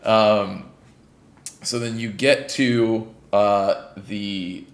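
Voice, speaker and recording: A man co-hosting a casual podcast chat, telling a story with animated energy and swearing freely. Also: on the low side, very slow. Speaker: podcast co-host. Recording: roomy echo.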